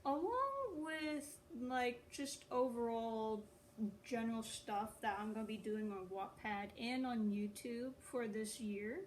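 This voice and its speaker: A young woman, a writer and video creator online, talks to viewers in a casual, wandering, chatty way and laughs at herself. Her voice is a little high, and the rough phone recording has a slight hiss or hum.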